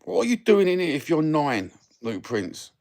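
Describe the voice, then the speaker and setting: A middle-aged Cockney Londoner hosts a casual live stream, rambling cheekily and swearing freely. His voice is a little high and a little mellow, with big pitch swings at a normal speed.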